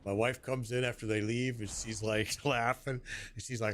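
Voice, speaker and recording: A man's voice: medium pitch, fairly even intonation, normal speed, fairly bright tone. Chuckly man in his sixties, noisy stream. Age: 60s. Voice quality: chuckling, storytelling, playful put-on voices for quotes. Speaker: game streamer. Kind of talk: casual chat while gaming.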